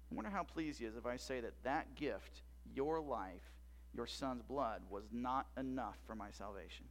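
Speaking at medium pitch and a moderate pace, a pastor delivers an animated sermon. Loud, rising emphasis alternates with soft asides, and he often poses tag questions to his congregation.

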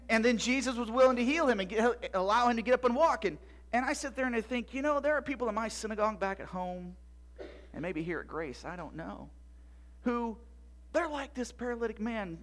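A man's voice: very high voice, a bit bright. A man performing a dramatic church monologue as an eager young boy from biblical times, retelling a story with stammered restarts. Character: excitable little Jewish boy in Jesus' time.

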